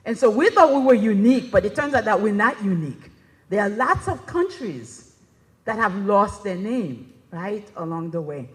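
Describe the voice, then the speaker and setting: A woman's voice: medium pitch, sing-song, moderate pace. A woman giving a conference presentation in a chatty, conversational way, often checking in with "right?". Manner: conversational, keeps asking "right?". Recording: reverberant hall.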